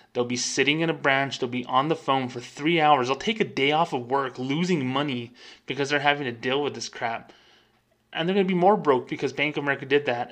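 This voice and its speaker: Man, casual rant, emphatic and indignant, repeats for stress, bright forceful tone. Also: mid-range voice. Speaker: podcast host and former bank employee.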